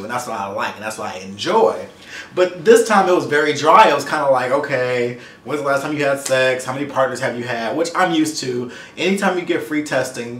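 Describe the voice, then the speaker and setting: A young man talks straight to his camera, rattling off a personal story at speed. His delivery is animated and loose, with stumbles and the odd curse. The room has a noticeable echo, and his voice sits at an everyday middle pitch. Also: a little hiss or hum. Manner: fast, animated, swearing, stumbles over words. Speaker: vlogger.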